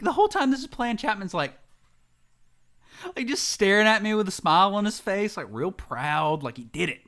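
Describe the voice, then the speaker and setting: A man hosting a podcast, telling a story in an animated way, laughing often and swearing freely. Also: sits high. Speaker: podcast host.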